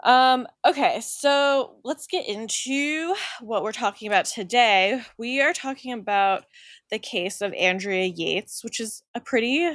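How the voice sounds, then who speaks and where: A woman's voice: fairly high pitch, a little slow, dry recording. Chatty young woman, dry close mic. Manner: animated, acts out quoted voices, laughs often. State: pregnant. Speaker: podcast co-host. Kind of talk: casual chat, storytelling.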